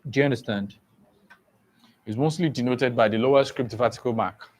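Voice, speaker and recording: A man teaching an English exam-prep lesson, repeating each point and often asking if students understand. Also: medium pitch. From Nigeria. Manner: slow, repetitive, checks understanding often.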